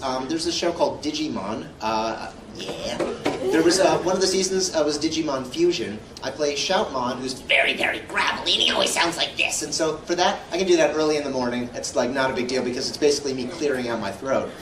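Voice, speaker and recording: A man who is a voice actor, answering audience questions at a convention panel in a rambling, animated way. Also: mid-range voice, brisk. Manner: rambling and animated, with lots of filler words. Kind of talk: casual Q&A storytelling. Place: large convention hall. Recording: echoey hall from far off with hum.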